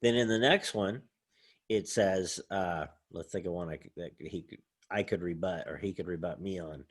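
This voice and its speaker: A man's voice: low-pitched, normal speed, slightly rough. A man, a college English professor, giving a casual, rambling recorded lecture while sharing his screen, thinking aloud with many fillers.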